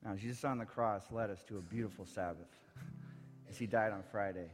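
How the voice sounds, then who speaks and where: A man preaching a sermon, impassioned, swinging from near-shouts down to low, quiet lines. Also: a little fast. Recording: echoey hall with faint music.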